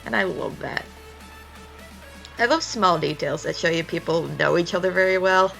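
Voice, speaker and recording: A woman's voice: fairly low pitch, normal speed, gravelly, faint music behind, low-quality recording. A young woman chatting casually while she draws on stream, telling stories with lots of swearing. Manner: chatty, swears freely, animated storytelling. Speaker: art streamer. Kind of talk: casual chat while drawing.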